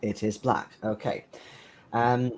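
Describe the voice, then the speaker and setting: A man's voice: medium pitch, little pitch movement, takes it slowly. A man narrating as game master of a tabletop horror game, hesitant and full of ums.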